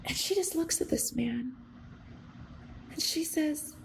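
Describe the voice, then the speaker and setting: A woman's voice: high voice, expressive, takes it slowly, vocal fry, pauses often, slight background noise. A young adult woman hosting a podcast, telling a story in an earnest, rambling way full of fillers and restarts. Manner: gets emotional, close to tears. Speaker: podcast host. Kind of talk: reflective storytelling monologue.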